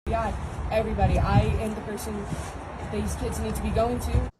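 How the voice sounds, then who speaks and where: A woman's voice: medium pitch, steady tone, normal speed. A woman making an assertive, self-assured video message outdoors near a road. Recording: loud traffic noise outdoors.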